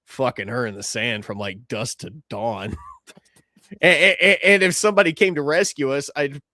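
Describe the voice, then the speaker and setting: A man's voice: medium pitch, normal speed, sharp tone, dry recording, studio quality. A man co-hosting a podcast in casual crude banter, joking and laughing often. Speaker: podcast co-host.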